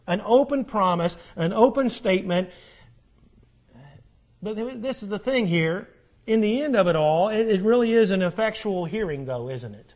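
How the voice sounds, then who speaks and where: A man's voice: high-pitched, expressive, normal speed, darkish tone. A middle-aged man preaching a sermon. He asks the congregation questions and repeats key phrases for emphasis. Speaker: pastor.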